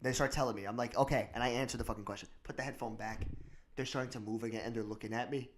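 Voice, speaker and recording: A man's voice: medium pitch, steady tone. A young man co-hosting a casual podcast, ranting and swearing with frequent laughter. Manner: fast, laughs often, swears, rants. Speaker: podcast co-host. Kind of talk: casual chat.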